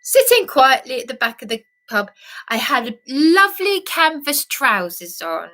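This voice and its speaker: Agitated woman ranting, bright voice. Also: high-pitched, big pitch swings, unhurried. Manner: agitated, repeats and restarts herself, emphatic. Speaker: vlogger. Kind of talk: emotional monologue rant.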